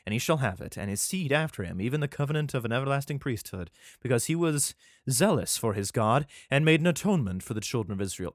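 This podcast host talks fast, with a medium-pitched voice and lively intonation, in a clean studio recording with no echo. Reading scripture casually, he trips over words and interrupts himself with irreverent, profane commentary.

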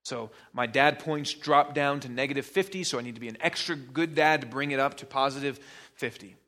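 A man's voice: medium pitch, a little fast, fairly bright tone. A male pastor giving a sermon in a conversational way, with joking asides to the congregation.

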